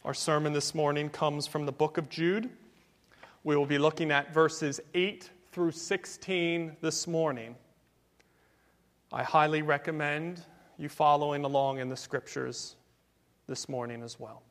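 High-voiced pastor preaching in a reverberant hall. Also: male voice, steady tone, unhurried, a bit bright. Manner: emphatic preaching cadence with repetition. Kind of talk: sermon.

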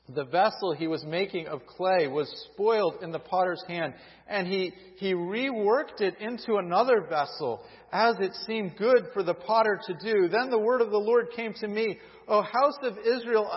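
A man preaching a sermon, reading scripture and acting out voices of those who question God. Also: high voice. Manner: reads scripture, acts out quoted voices. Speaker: pastor. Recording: dull lo-fi audio with long hall reverb.

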